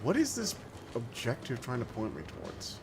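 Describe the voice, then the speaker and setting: A man's voice: mid-range voice, huge pitch swings, normal speed, noisy background. An American man chatting loosely as he streams a game, rambling with lots of filler words. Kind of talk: casual let's-play commentary.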